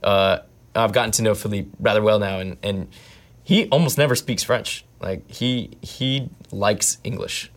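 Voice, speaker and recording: A man, an actor, answering interview questions in an animated, thoughtful way that often restarts mid-thought. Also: fairly low pitch, a little slow. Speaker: actor guest. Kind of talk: conversational interview.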